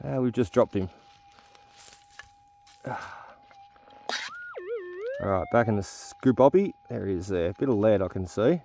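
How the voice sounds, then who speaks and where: In his own outdoor metal detecting videos, a man narrates from the bush and speaks directly to viewers. He talks unhurriedly in a lowish, gravelly, mellow voice, pausing often, over slight background noise.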